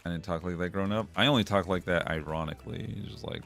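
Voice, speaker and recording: Streamer, male, very low voice, wry and rambling, laughs a lot, faint music under. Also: fast talker, vocal fry, a bit bright. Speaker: streamer reading chat. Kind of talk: casual chat.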